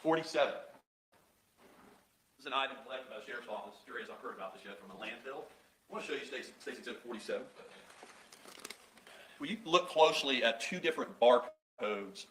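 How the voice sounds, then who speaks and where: A man questioning a witness in a courtroom with brisk, formal questions, from trial audio replayed on a stream. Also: medium pitch, lively intonation, a bit bright, a little hiss or hum, poor audio. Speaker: prosecutor.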